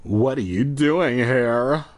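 A man doing a slow menacing caped stranger. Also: medium pitch, natural voice. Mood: stern. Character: stern caped man, vampire-like store keeper. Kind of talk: comedic read-aloud of a kids' horror book.

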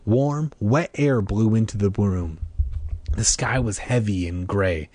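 A man reading a children's horror book aloud, expressive, with casual asides. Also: on the low side, slow pace, no room sound. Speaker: reader.

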